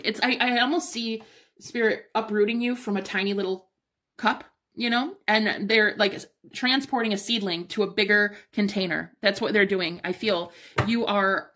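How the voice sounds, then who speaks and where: A young woman reads tarot cards in a loose, chatty way, pressing her points hard and breaking into excited exclamations. She swears now and then and keeps reassuring the listener. Her voice sits at an ordinary middle pitch for a woman. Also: brisk. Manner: emphatic and encouraging, swearing casually, excited exclamations. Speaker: tarot reader. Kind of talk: casual pick-a-card tarot reading.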